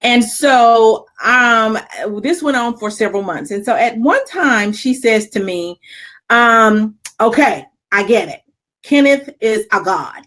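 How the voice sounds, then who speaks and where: A middle-aged woman co-hosting a talk show, chatting and telling a personal story with animated delivery and frequent laughter. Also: fairly high pitch, slow pace. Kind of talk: casual chat and personal storytelling.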